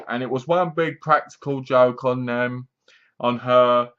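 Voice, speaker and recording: A man's voice: medium pitch, fairly even intonation, a little slow, fairly bright tone, dull audio, a little hiss or hum. A man giving a rambling, scornful horror film review, often mimicking the characters. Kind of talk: casual ranting movie review.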